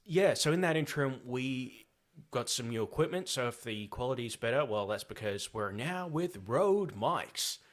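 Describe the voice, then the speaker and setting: A man's voice: mid-range voice, expressive, moderate pace. An Australian man hosting a casual film-chat podcast, chatty and joking as he talks through the episode. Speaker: podcast host.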